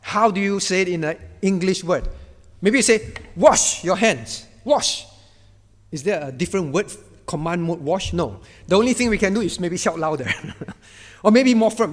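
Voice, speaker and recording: A man's voice: high-pitched, animated, moderate pace, big-room sound. A man preaching a sermon as pastor, emphatic and repetitive, stressing key words and acting out divine commands in a firm voice. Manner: acts out God's words in a firm voice. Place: church.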